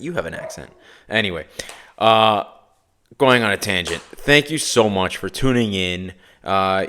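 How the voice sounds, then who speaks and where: A man's voice: low voice, a bit bright, clean tone. A Canadian man from Toronto with a Toronto accent, hosting a podcast in a casual, rambling way, full of fillers and tangents. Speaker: podcast host.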